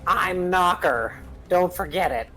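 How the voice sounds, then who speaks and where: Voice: mid-range voice, lively intonation, slow, bright, forceful tone, soft background music, rough recording. A player in a tabletop game session, joking and speaking in and out of character. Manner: playful, joking. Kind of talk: tabletop role-play, in and out of character.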